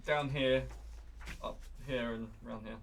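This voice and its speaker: Brisk man at a tabletop game. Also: mid-range voice, fairly even intonation, creaky. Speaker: player. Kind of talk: casual game chat. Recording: distant mic with noticeable noise.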